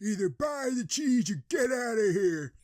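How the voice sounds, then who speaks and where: A man voicing a furious ninety-something old man who yells at rowdy boys to get out, in an animated storybook. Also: high-pitched, unhurried, no echo, clean studio sound, voice pushed up. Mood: furious yelling. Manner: yelling, gruff scolding. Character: cranky ancient man, shouting at boys.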